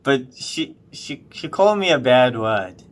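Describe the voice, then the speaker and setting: Lively young man, casual podcast banter. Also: medium pitch, measured pace. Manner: animated, laughing storyteller who repeats himself. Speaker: podcast co-host. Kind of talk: casual chat.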